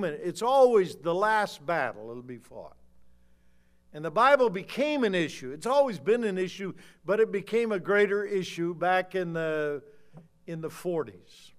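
An older man preaches with fire, his high, clear voice dropping to a low mutter and then rising to shouts. He leans on key words and stretches them out, pressing his point hard. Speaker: pastor. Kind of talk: fiery sermon.

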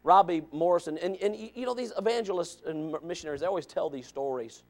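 High gravelly-voiced preacher man. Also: fast talker. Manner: swings from shouting to hushed softness; stammering restarts. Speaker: pastor. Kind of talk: sermon.

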